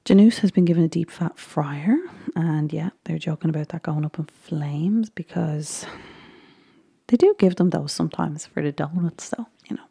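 A young Irish woman with a low, dark, husky voice and a gravelly edge chats loosely through a recap of a baking show. She rambles, often sinking into a soft whisper. Her voice sounds dry and close. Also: normal speed, dry recording. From Ireland. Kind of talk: casual chat, often whispered.

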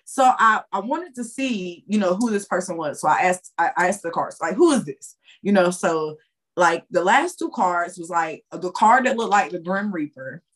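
A woman guest on a podcast, a tarot reader telling a story in a lively, chatty way with loose, slangy phrasing. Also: on the low side, normal speed. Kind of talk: casual storytelling.

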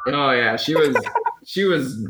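A man's voice: mid-range voice, slow pace, background noise. A man telling a long, rambling story in casual conversation as a podcast guest, acting out the people he quotes. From Minnesota. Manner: rambling, animated anecdote with quoted dialogue. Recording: roomy echo.

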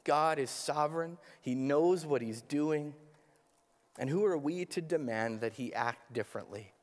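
A man's voice: on the high side, a little slow. A male pastor preaching a sermon, earnest and probing, asking his listeners rhetorical questions. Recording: hall with long reverb.

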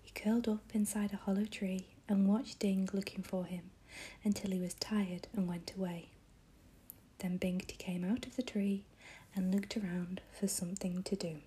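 A woman narrating a children's tale gently in whispered role-play. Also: mid-range voice, level tone, moderate pace, slight background noise. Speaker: storyteller.

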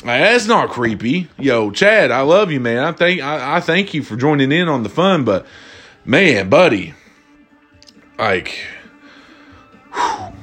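A man hosting a casual, comedic talk, reading out viewer submissions and reacting with loud, profane amusement. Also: medium pitch, a little slow, husky, soft background music. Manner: animated, laughing, profane, cracks up. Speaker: host.

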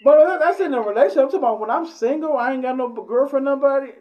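A man argues in a casual podcast chat, rushing his words and circling back with repeated phrases. The recording sounds dull and lo-fi. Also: extremely high pitch. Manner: fast, repetitive, interjecting.

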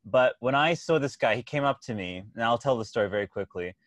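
A man hosting a podcast, talking in long, loose, rambling runs full of restarts and the odd swear word. He has a mid-pitched voice, recorded close and dry. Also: lively intonation, quick pace, dry recording. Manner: rambling, many fillers and restarts, swears casually. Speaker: podcast host. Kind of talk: casual chat.

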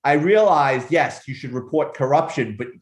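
A man's voice: mid-range voice, expressive, normal speed, reverberant. A man, a former police officer, telling a profane story in an interview and acting out the people in it. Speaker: guest, retired police officer and author.

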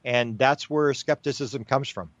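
A man guest in an interview, talking in a casual, animated way with frequent fillers and restarts. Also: medium pitch, unhurried, no echo, muffled recording. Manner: animated, repeats himself, many fillers and restarts. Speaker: podcast guest.

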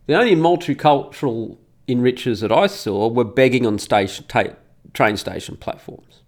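With a mid-range, somewhat mellow voice at a moderate pace, a middle-aged Australian man comments casually as he reads comments aloud. He sounds indignant and emphatic, repeating words to drive them home.

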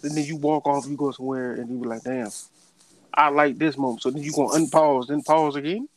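A man in casual chat, arguing his point in a quick back-and-forth. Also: on the high side, fairly even intonation, rough recording.

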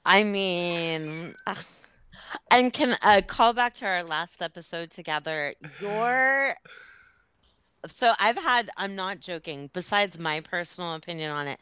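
Low, slow, crisp-voiced woman. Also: pushed and bright, dry recording. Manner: rambling, laughing, self-interrupting. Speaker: podcast host. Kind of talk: casual chat.

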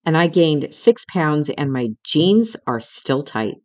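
A woman's voice: deep voice, very animated, takes it slowly, a little mellow. Candid middle-aged woman telling her story. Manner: candid and emotional, swears, talks to listener as friend. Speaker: podcast host. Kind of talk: personal storytelling monologue.

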